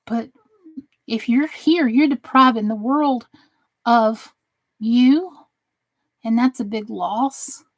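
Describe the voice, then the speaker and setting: A woman with a Southern drawl chats casually with viewers of her crafting channel, teasing them with sarcasm, then earnestly encouraging them. She talks slowly and sits slightly high in pitch. The sound is close and dry, with no room around it. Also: no room sound.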